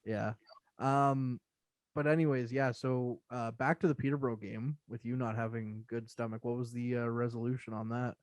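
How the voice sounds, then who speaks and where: A man's voice: medium pitch, steady tone, normal speed, no echo. Male co-host, joking and easygoing, dry close sound. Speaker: podcast co-host. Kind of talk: casual chat.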